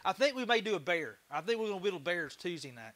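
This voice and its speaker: A man's voice: high-pitched, very animated, fast, a bit bright. A man with a Texan accent hosting a woodworking livestream, laid-back and chatty, laughing often and swearing casually. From Texas. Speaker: livestream host, woodturner.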